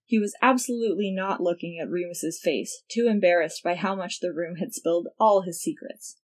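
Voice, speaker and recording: A woman narrating fiction aloud in a wry, expressive storytelling manner. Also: lowish voice, normal speed. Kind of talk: audiobook fiction reading.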